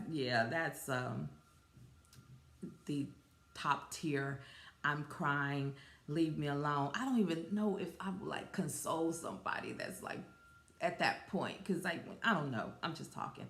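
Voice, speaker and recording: Woman, podcast host, casual and giggly, lowish voice, echoey room. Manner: chatty, giggly, addresses listeners as y'all. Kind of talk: casual solo podcast talk.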